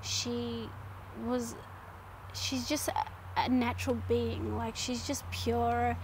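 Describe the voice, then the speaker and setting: A young woman telling a personal story in a casual vlog, animated and chatty, full of "like" and "um" and acting out her own past lines. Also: fairly high pitch, takes it slowly, background noise. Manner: chatty with fillers like "like" and "um". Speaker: vlogger.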